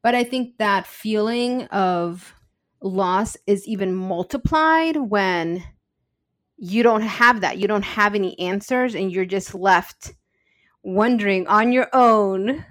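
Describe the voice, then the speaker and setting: A woman's voice: medium pitch, takes it slowly, a bit bright, no echo, clean studio sound. A woman co-hosting a podcast in casual chat. She tells personal stories in an earnest, open way. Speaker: podcast co-host.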